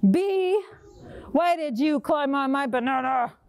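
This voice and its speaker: A put-out storybook monkey complains about a bee on its banana , as a woman reads it. The voice is high and lively, taken slowly. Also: dry recording. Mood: indignant.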